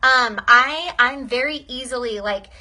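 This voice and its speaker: A woman's voice: high-pitched, measured pace, bright, forceful tone. A young woman giving a casual training talk to her sales team, upbeat and chatty, often checking in with "okay?".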